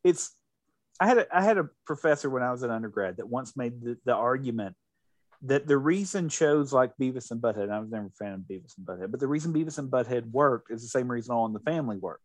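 A man co-hosting a casual podcast chat, talking in an animated way with many restarts. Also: medium pitch, fast, no echo. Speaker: podcast co-host.

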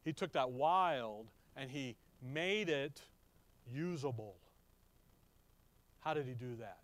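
A man preaching a sermon who keeps asking the congregation questions and answering them himself. He slows down on key words and swings from loud emphatic bursts to quiet low asides. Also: animated, no room sound.

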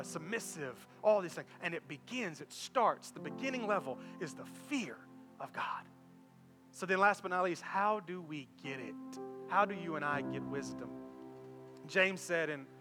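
A man in his thirties, a pastor preaching a sermon, telling a lively story to his church. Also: fairly high pitch, long reverb tail. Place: church auditorium.

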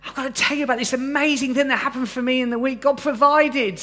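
A man doing a breathless, eager churchgoer from Hastings, tumbling over his words with a high, bright voice. He can hardly wait to get his story out. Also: steady tone, fast. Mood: excited. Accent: Hastings, England. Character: excited male churchgoer bursting with news.

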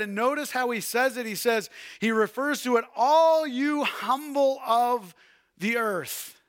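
A man with a notably high voice delivers a sermon from the pulpit. He urges loudly at times, then sinks into soft, hushed pleading. Now and then he drifts away from the microphone. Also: unhurried. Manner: impassioned preaching, swinging from shouted urging to hushed pleading. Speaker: pastor.

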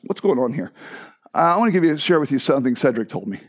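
A man preaching a sermon to his church, conversational and animated, with asides to the congregation. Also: mid-range voice, moderate pace. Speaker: pastor. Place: church sanctuary.

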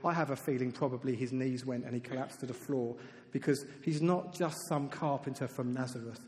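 A man preaching a sermon in a lively, conversational way, dropping to soft, emphatic tones for key points. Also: mid-range voice, fairly quick. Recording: reverberant hall.

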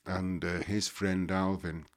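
Older Liverpool man, very deep voice, rambling and halting guest storyteller. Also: level tone. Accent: Liverpool (Scouse). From Liverpool, England. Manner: halting, many fillers and restarts. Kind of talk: casual recollection.

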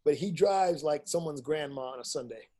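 A middle-aged man, an independent filmmaker and teacher, telling stories in a casual interview, animated and blunt, swearing freely and acting out what people said. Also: fairly high pitch, moderate pace.

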